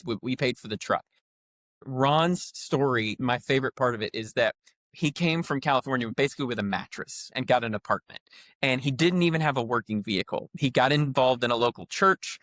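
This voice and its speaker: A man telling a workplace story with lively retold quotes in a casual podcast conversation. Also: medium pitch, dry recording, clean studio sound. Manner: animated storyteller, acts out quotes. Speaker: podcast guest, roofing company leader.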